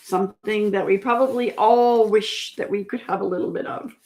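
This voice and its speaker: A woman's voice: mid-range voice, fairly even intonation, normal speed, a little mellow. A woman hosting a casual livestream trivia chat, patiently repeating each question and reading out viewers' answers. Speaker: livestream host.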